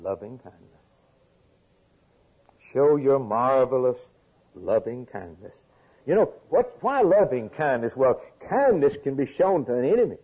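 A man preaching a sermon, repeating phrases and swinging from emphatic peaks to quiet low lines. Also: sing-song, a little slow, long pauses, husky. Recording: tinny phone-like lo-fi recording.

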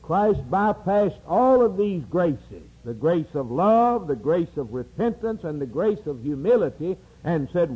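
A man preaching a sermon, rising to loud emphatic peaks and dropping to hushed low phrases. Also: big pitch swings, a little slow, few pauses, breathy edge, muffled recording. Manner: dramatic preaching with sweeping rises and drops.

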